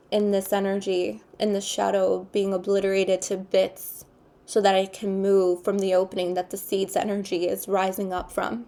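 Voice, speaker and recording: A woman giving an intuitive tarot card reading, speaking in an unhurried, earnest way and repeating her spiritual phrases. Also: mid-range voice, gravelly, a little mellow. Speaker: tarot reader.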